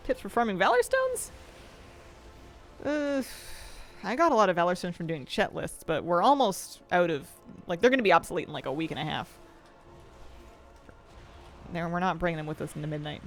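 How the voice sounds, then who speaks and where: A game streamer chats casually as they play, reading viewer questions out loud and laughing a lot. Their medium-pitched voice is sing-song, at normal speed with long pauses, and faint game music plays behind.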